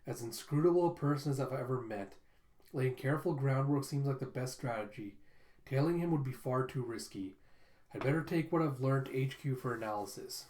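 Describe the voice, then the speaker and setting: Man doing a smooth, courteous undercover spy dad, mid-pitched, echoey room. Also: fairly quick, a little mellow, natural voice. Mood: calm. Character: suave, polite spy posing as a father. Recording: roomy echo.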